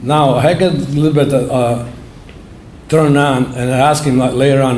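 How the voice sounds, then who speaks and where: A man in his seventies giving an award acceptance speech, telling his story in plain, halting words with simple phrasing. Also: mid-range voice, fairly even intonation, a little mellow, a little hiss or hum. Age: 70s. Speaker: award honoree. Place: awards banquet hall. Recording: roomy hall echo.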